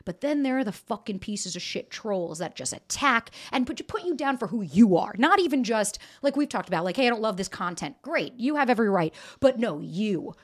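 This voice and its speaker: A woman's voice: medium pitch, expressive, a little fast, few pauses. Candid, swearing woman podcast host. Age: 40s. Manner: emotional, swears freely, acts out quotes. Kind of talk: candid confessional chat.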